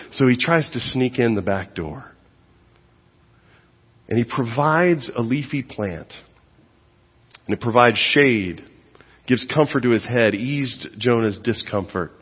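A fairly high-voiced, middle-aged male pastor preaching in a church sanctuary. He is animated and conversational, jumping from loud, emphatic lines to quiet asides. His voice carries a long reverb from the hall. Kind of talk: sermon.

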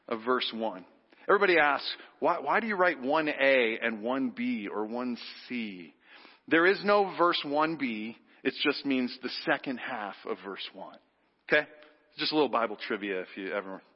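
A man's voice: medium pitch, normal speed. Preaching man in an echoey church. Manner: animated, leads the congregation in call-and-response. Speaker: pastor. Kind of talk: sermon. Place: church sanctuary. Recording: dull sound with long hall reverb. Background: congregation.

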